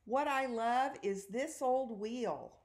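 A bright young girl who plays at being a princess, giving grand commands and chanting little rhymes, as a woman reading a storybook puts her on. Her voice sits higher than an adult's and rings out with theatrical confidence. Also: takes it slowly. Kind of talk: storybook read-aloud.

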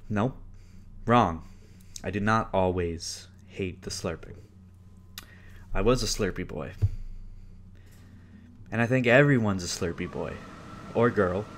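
Rambling profane young podcast host. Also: male voice, on the low side. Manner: rambling, profane, animated storytelling. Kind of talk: casual solo podcast rant. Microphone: close podcast mic.

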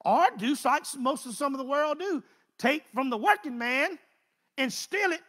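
A male preacher delivering an animated sermon, swinging between loud exclamations and low asides. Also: moderate pace.

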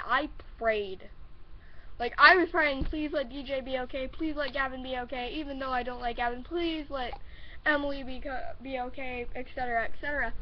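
A high-voiced teenage girl with an Oklahoma accent talks from upstairs at home, rambling with ums and nervous giggles. The audio is dull and lo-fi, with a faint hiss behind her. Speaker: vlogger. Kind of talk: casual vlog advice.

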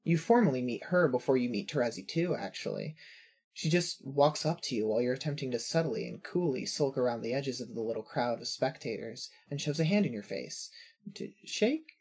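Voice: medium pitch, brisk, darkish tone, breathy edge. A narrator reading second-person fanfiction in a wry, observant way.

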